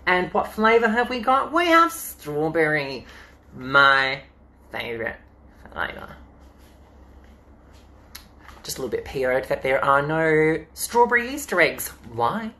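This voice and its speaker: A man's voice: on the high side, sing-song, measured pace, long pauses, pushed and bright. A man with an Australian accent reading children's books aloud as a drag queen during a live-streamed storytime from home into a phone, chatting in a playful, campy way between pages.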